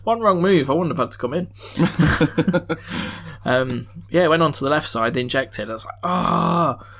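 A man's voice: on the high side, moderate pace, fairly bright tone. A young man hosting a podcast, telling stories in casual chat, swearing freely and laughing often. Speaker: podcast host. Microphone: headset mic with headphones.

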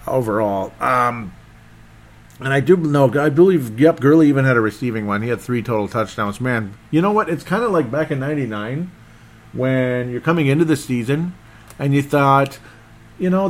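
Rambling, excitable football recap man. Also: mid-range voice. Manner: rambling, excitable, loses his train of thought. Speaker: sports podcast host. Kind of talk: casual solo football recap.

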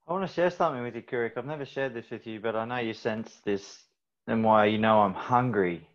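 A man, hosting a podcast and telling a candid personal story in a halting way with many fillers. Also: medium pitch. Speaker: host. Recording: slightly dull audio.

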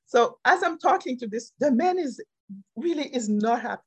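A woman telling a personal story on a podcast, animated and laughing often, repeating key phrases for emphasis. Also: sits high, normal speed, husky. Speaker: podcast speaker and life coach.

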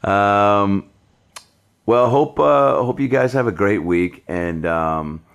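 A man's voice: lowish voice, slow, vocal fry, smooth. A man hosting a podcast, chatting casually and telling stories with frequent laughter. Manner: laughing, animated storyteller. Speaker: podcast host. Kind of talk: casual chat.

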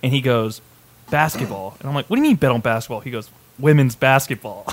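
A man's voice: mid-range voice, fast talker, slight background noise. Male co-host, casual storyteller, rambles with frequent restarts and cursing. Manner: rambling, swears often, many restarts. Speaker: podcast co-host.

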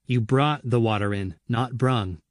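A man reading an audiobook, voicing a gruff, short-tempered grown man who scolds and answers curtly. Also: medium pitch, unhurried, dry recording, studio quality, natural voice. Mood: scolding. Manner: curt, scolding.

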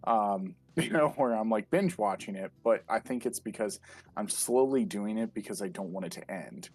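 A man's voice: fairly low pitch, animated, normal speed, darkish tone, breathy edge, dry recording, soft background music. A man co-hosting a casual podcast, talking about a show in a rambling, amused way. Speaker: podcast co-host. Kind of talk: casual chat.

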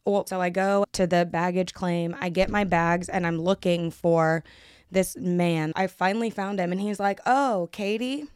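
A woman's voice: on the low side, little pitch movement, a little mellow, smooth, dry recording, clean studio sound. A young adult woman from Kansas with an American accent, hosting a podcast and telling her own story in a candid, blunt way, with swearing, and acting out other people's lines. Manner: brisk, acts out others' lines. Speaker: podcast host. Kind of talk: casual storytelling monologue.

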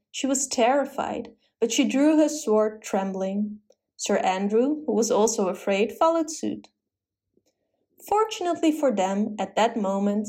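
A woman telling a classic story as a steady, clear storybook narration. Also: mid-range voice.

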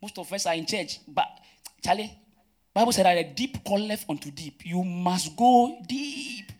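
A man, preaching a sermon as pastor, calling out questions and swinging between loud emphatic bursts and quiet asides. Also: high voice, normal speed. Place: church.

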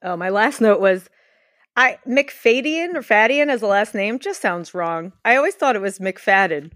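A woman's voice: mid-range voice, moderate pace, fairly bright tone, no room sound. Chatty podcast woman, gushy, swears a lot, dry close sound. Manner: chatty, gushing, swears freely. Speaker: podcast co-host. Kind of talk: casual chat.

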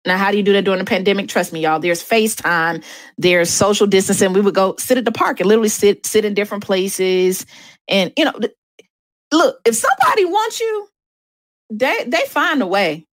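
A woman's voice: mid-range voice, lively intonation, a little fast, no room sound. A woman hosting a show, talking candidly and emphatically about faith and dating, speaking straight to her listeners. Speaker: host.

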